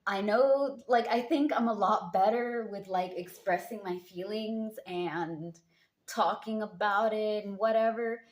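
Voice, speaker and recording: A woman's voice: medium pitch, steady tone, a little slow. A woman talking casually to her viewers as a tarot reader, rambling and chatty with lots of fillers. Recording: roomy echo.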